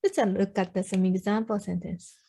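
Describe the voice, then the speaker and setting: A woman with a Japanese accent, a native Japanese speaker, tutoring beginners. She explains slowly in simple English with many ums and says phrases for learners to repeat. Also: mid-range voice, fairly even intonation, vocal fry, mellow. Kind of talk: online language lesson.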